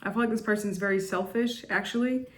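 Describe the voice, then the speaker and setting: A woman's voice: medium pitch, steady tone, fast. A woman giving a casual tarot reading to camera, chatty and blunt, with lots of restarts and fillers. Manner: chatty, repetitive, with frequent restarts and "like"; blunt and judgmental. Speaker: tarot reader.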